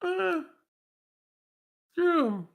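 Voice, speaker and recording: A man's voice: very high-pitched, big pitch swings, extremely slow, creaky, a bit bright. A man playing a tabletop game, talking in a drawling, playful way. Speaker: player. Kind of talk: casual tabletop play.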